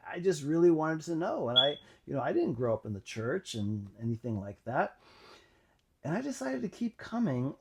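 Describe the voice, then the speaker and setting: A man telling his own faith story in a reflective, halting way, with many pauses and fillers. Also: fairly high pitch, husky. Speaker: channel host. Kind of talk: personal testimony monologue.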